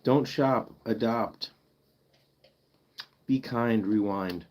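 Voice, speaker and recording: A man's voice: fairly low pitch, steady tone, measured pace, long pauses, mellow. A man chatting casually with viewers on a pet rescue livestream, playful and joking, sounding out foreign words for the chat. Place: home.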